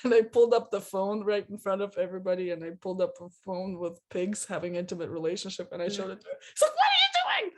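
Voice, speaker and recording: A woman's voice: mid-range voice, steady tone, fast, hardly any pauses, warm tone. A woman telling a personal story in a casual chat, laughing often and acting out the lines she quotes.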